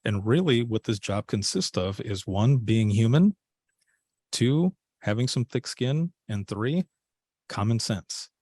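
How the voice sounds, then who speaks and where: Man, low voice, dry close sound, casual storytelling, acts out quoted lines. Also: takes it slowly, no room sound. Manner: animated storyteller acting out quoted dialogue. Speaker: podcast guest, former dispatcher.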